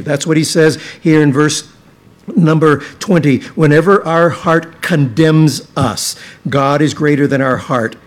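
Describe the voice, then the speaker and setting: A man preaching a sermon as pastor, earnest and emphatic, slowing down to stress key words. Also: a little high, a little mellow.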